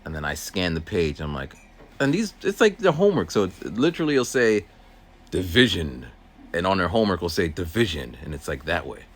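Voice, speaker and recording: Out on a walk, a man who works as a teacher's aide rambles through a casual vlog story, putting on voices. He speaks low-pitched and sing-song, a little fast.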